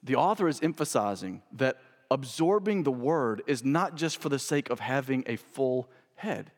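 A male pastor preaching a sermon, stressing key phrases by repeating them and moving from loud to hushed. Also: mid-range voice, animated, moderate pace. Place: church sanctuary. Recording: long reverb of a church hall.

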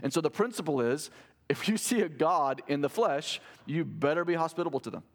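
A man preaching a sermon as a pastor, reading scripture aloud with rising, animated emphasis. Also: a little high, a little fast. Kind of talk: expository sermon.

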